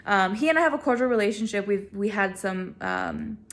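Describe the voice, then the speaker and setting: A woman telling her own story in a casual vlog. She talks in a sassy, animated way and laughs often. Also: medium pitch, a little fast.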